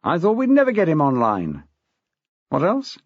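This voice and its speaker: A man voicing a smug, testy middle-aged head teacher with a husky, gravelly voice, in a dull, dry recording. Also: a little high, wildly swooping pitch, moderate pace, no echo, heavily acted. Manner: smug, acid.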